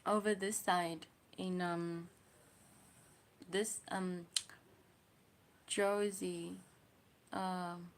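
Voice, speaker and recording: Slow, half-whispering South African woman. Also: lowish voice, flat delivery. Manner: slow, musing, often drops to a whisper. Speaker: livestream host. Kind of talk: casual livestream chat reading comments.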